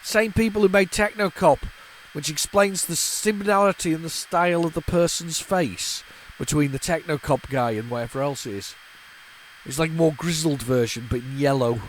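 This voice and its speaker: A man's voice: fairly high pitch, normal speed, slight background noise, low-quality recording. A man in his forties, hosting a retro gaming channel, rambling and nostalgic, with frequent stammering restarts and repeated words. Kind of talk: casual off-the-cuff commentary while loading a tape.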